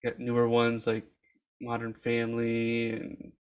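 A young dad hosting a podcast, relaxed and quick to laugh in casual interview chat. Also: male voice, mid-range voice, clean tone. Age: young adult. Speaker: podcast host.

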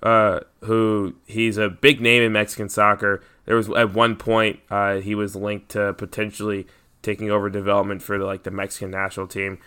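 A man's voice: lowish voice, completely flat delivery, moderate pace, bright, forceful tone, clean tone. An American man co-hosting a podcast in casual chat, with lots of ums and fillers. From United States. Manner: chatty, lots of ums and likes. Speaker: podcast co-host.

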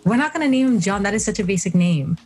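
Husky young woman telling a story. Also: medium pitch, quick pace, faint music behind. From South Africa. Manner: animated, giggly, acting out her own past thoughts. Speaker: podcast host. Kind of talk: casual storytelling.

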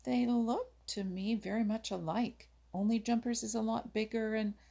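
An earnest, curious young rabbit lists what he knows, keen to please, voiced by a woman reading a storybook. His voice sits higher than the reader's own but stays husky and a little gravelly. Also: fairly even intonation, normal speed, warm tone.

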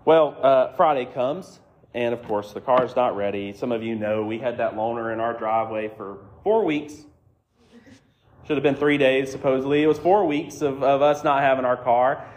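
A male pastor, speaking at an ordinary middle pitch. He tells his sermon as a relaxed, self-deprecating personal story. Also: moderate pace. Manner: conversational, self-deprecating, acts out quoted voices.

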